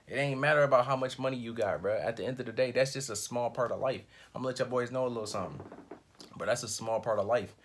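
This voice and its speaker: A man's voice: fairly low pitch, husky. A man hosting a reaction video, talking in a rambling, emphatic way with lots of slang. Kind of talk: casual reaction commentary.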